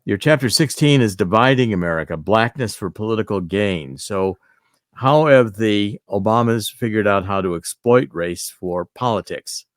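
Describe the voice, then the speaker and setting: A man hosting an interview, prompting his guest in a relaxed way. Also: fairly low pitch, normal speed, no room sound, clean studio sound. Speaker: interview host. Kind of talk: interview chat.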